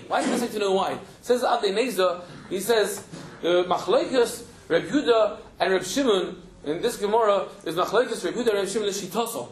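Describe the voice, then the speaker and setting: A man teaching a Talmud class who explains emphatically and repeats words while he searches for the phrasing. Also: extremely high pitch. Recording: roomy echo.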